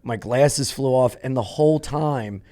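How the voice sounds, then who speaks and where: A male comedian tells a story on a podcast in a loose, chatty way. He swears a lot and his voice jumps up as he gets into it. His pitch sits right in the middle for a man. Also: unhurried. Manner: profane, animated anecdote telling. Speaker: comedian guest. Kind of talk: casual storytelling chat.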